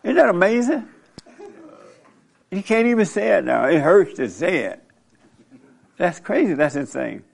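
Blunt gravelly older man. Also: high-pitched, big pitch swings, measured pace, pauses often. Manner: blunt, laughing, rambling storytelling. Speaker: talk show host. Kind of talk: casual opinionated talk.

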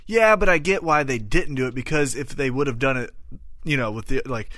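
A man's voice: medium pitch, a little fast, bright, forceful tone, no echo, studio quality. A man co-hosting a wrestling podcast, chatting through his opinions with fillers and asides. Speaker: podcast co-host. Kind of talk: casual wrestling talk.

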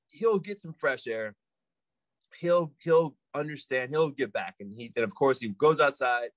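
A man as a podcast guest telling a story in a rambling, animated way, with many restarts. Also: medium pitch, no echo, rough recording. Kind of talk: casual anecdote telling.

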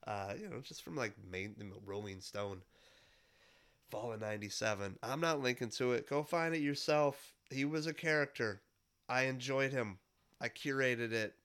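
Sick with a cold, a thirty-something Midwestern man hosts his podcast in a clear, resonant, slightly bright voice of medium pitch. He moves at a moderate pace through a rambling, wistful monologue, often restarting and using fillers.

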